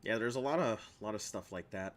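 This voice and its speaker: A man's voice: fairly low pitch, brisk. A man streaming a video game, chatting casually and jokingly to his viewers as he plays, rambling from one thought to the next. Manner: rambling and jokey, talks to viewers while playing. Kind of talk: casual live gameplay chat.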